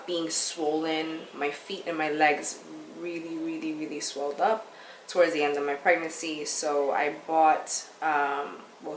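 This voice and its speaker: This young woman vlogger has a deep voice with a fairly bright tone and chats candidly and casually, full of slang. Her casual chat is recorded in an echoey room with faint background noise.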